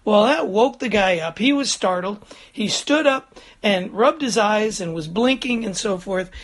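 Folksy older pastor preaching. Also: male voice, high-pitched, expressive, unhurried, a bit bright. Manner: chatty, chuckles, frequent "Amen?" and "Okay?" check-ins. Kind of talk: folksy sermon. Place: standing before a congregation.

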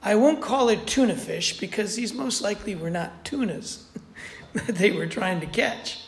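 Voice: medium pitch, normal speed. A preacher giving a sermon in a conversational way, repeating points for emphasis. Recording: roomy echo.

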